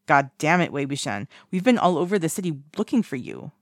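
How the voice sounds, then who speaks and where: A reader doing a gruff, blunt young man. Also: mid-range voice, a little fast, dry recording, clean studio sound, natural voice. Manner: grumbling, blunt.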